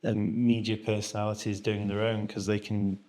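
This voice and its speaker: A man hosting a podcast, talking in a relaxed, rambling way with many fillers. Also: on the low side, normal speed. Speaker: podcast host. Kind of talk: casual podcast chat.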